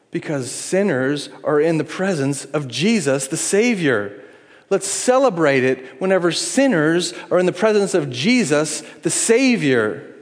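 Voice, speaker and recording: A middle-aged man preaching a sermon as pastor, earnest and pleading, moving between hushed appeals and lively acted-out asides. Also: fairly high pitch. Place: church sanctuary. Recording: long reverb in a large hall.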